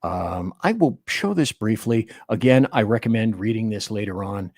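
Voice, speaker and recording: A man's voice: lowish voice, animated, moderate pace, a little mellow, no room sound, clean studio sound. A man hosting a political talk radio show, delivering emphatic commentary and reading listener chat aloud. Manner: emphatic, declamatory.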